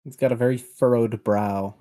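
A man's voice: medium pitch, steady tone, normal speed, dark tone. Playful exclaiming male podcast co-host. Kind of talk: casual podcast chat.

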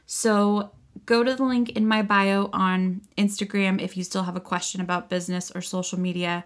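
A woman's voice: medium pitch, fairly even intonation, moderate pace. A woman hosting a podcast in a casual chat, laughing often and swearing freely. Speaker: podcast host. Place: child's bedroom, seated on floor.

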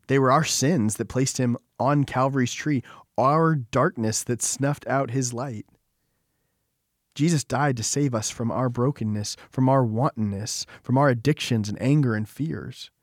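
A man's voice: mid-range voice, no echo, clean studio sound. Solemn man reading a devotional. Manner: solemn, measured, slowing for emphasis. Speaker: devotional reader. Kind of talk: scripted devotional narration.

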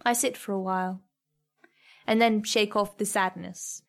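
A woman reading a first-person story aloud in a soft, measured, reflective way. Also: medium pitch, fairly even intonation, creaky. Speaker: narrator.

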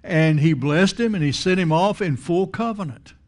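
A man's voice: high-pitched, normal speed. A man preaching a sermon in a conversational style, repeating words and asking the congregation questions.

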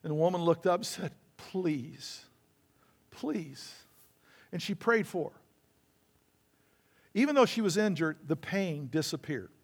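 A man's voice: sits high, animated, moderate pace, pauses often. A male pastor preaching a sermon, telling stories and acting out the people in them. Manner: storytelling preacher acting out quoted voices.

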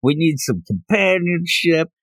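A man's voice: fairly high pitch, very animated, unhurried, fairly bright tone, dry recording, clean studio sound, heavily acted. Krillin, in a man's reading, sly. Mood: sly smooth. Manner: sly, smoothing things over. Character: sly bald boy monk, smooth talker.

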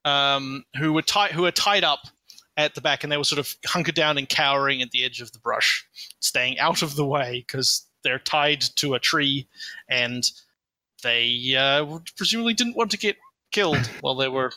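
A man's voice: medium pitch, moderate pace, sharp tone, no echo. A man running a tabletop game as game master, narrating the scene in a casual, meandering way and often correcting himself. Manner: casual, meandering descriptions with frequent self-corrections.

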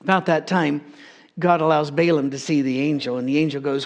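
A male preacher tells a story with relaxed, conversational humor. His voice sits fairly high for a man. He moves easily between explaining and joking. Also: fairly quick. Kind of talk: sermon.

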